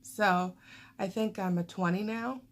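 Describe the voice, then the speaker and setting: A woman's voice: medium pitch, steady tone, a little slow. A woman vlogger rambling casually to camera in a chatty way, full of fillers.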